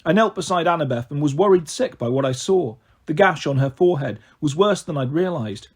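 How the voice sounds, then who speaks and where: A man reading a novel aloud in first person, with expressive, animated narration. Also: a little high, fairly quick, husky. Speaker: storyteller.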